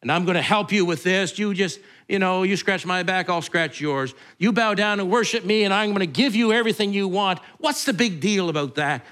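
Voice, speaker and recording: A preacher voicing the devil as a persuasive tempter offering a bargain. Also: male voice, high voice, brisk, few pauses, a bit bright. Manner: wheedling, persuasive.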